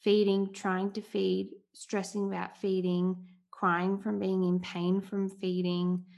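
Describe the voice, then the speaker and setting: A woman in her thirties hosting a solo podcast, talking candidly and from the heart in a relaxed, conversational way. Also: mid-range voice, takes it slowly, creaky. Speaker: podcast host.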